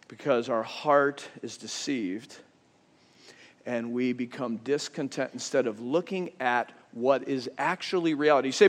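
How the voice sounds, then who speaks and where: Middle-aged male pastor, casual storytelling sermon delivery, high-pitched for a man, long reverb. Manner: conversational storytelling, swings between quiet asides and loud emphasis.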